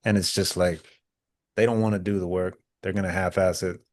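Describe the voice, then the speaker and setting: A man with a lowish voice in casual podcast chat. He speaks bluntly and profanely. The recording is dry and close. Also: fairly even intonation, a little fast, no room sound. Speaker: podcast co-host, therapist.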